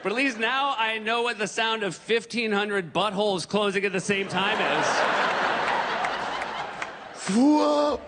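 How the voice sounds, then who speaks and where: A middle-aged American man performing a stand-up comedy set on a large stage, animated and bursting into loud, exaggerated outbursts. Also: sits high, moderate pace. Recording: long hall reverb, audience noise.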